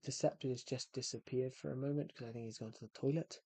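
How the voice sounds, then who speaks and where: A man's voice: medium pitch, fairly even intonation, quick pace, dark tone, breathy edge, dry recording. Chatty male game streamer, dry close sound. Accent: thick regional accent, not named. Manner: chatty, talks to viewers, hums while playing. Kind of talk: casual gameplay commentary.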